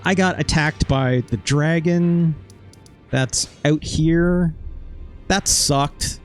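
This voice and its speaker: Talking very slowly in a fairly high voice, the man rambles through a casual let's-play recap of his gameplay, dropping offhand swears. Soft background music plays underneath.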